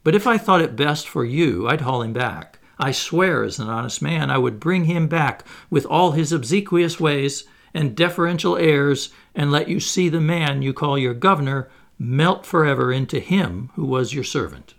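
A man reading aloud, voicing a proud, restrained former butler who speaks gravely and searches his own feelings. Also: fairly high pitch, animated. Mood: earnest. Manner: grave, measured, self-searching.

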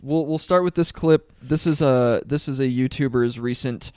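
A man co-hosting a casual podcast chat, amused and animated. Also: mid-range voice, moderate pace, clear, resonant tone, no room sound, clean studio sound. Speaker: podcast co-host.

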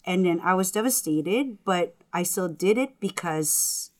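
A woman who is a Catholic religious sister and teacher, telling her story in an interview in an animated, earnest way. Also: on the low side, measured pace. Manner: animated, earnest, acts out family members' lines.

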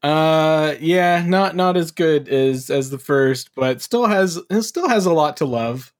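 A man's voice: on the high side, lively intonation, slow. A man co-hosting a casual movie review podcast, laid-back, agreeable and profane. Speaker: podcast co-host.

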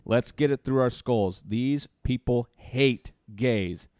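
A man's voice: mid-range voice, slow pace, darkish tone, no echo, studio quality. A man co-hosting a podcast, talking casually and getting heated, ranting and swearing freely. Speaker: podcast co-host. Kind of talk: casual chat.

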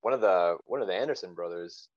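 A man's voice: deep voice, fast, a little mellow, dry recording, lo-fi sound. A man reminiscing casually with an old army friend, laid-back and laughing often. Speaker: podcast guest, army friend. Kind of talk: casual chat.

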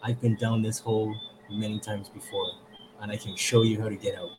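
A calm male friend offers reassurance in a low, gentle voice, as a man puts him on. He sounds steady and unhurried. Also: background noise, lightly acted. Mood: reassuring.

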